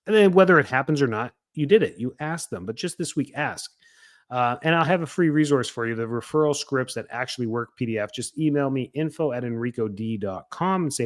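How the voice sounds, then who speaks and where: A man hosting a coaching show for chiropractors, talking in a casual, energetic way and acting out what people might say. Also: mid-range voice, brisk. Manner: energetic and chatty, acts out quoted lines. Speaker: podcast host coaching chiropractors.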